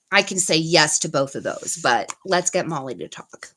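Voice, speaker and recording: A woman hosting a live tarot stream, giving card readings in a soft, unhurried way with many pauses and fillers. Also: low-pitched, very animated, slight background noise, poor audio. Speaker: tarot reader and channel host.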